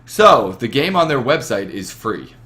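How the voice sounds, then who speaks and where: A man's voice: mid-range voice, big pitch swings, measured pace, pushed and bright. A young man hosting a gaming podcast from a webcam setup, talking in a rambling, profane, emphatic way. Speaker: podcast host. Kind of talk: casual chat.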